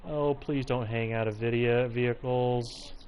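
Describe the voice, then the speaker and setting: A man's voice: medium pitch, fairly even intonation, measured pace, darkish tone, low-quality recording. A man giving casual, rambling live commentary while streaming a game from home, now and then breaking off to talk to his cat. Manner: chatty, rambling, breaks off to coo at his pet. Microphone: personal mic close to him.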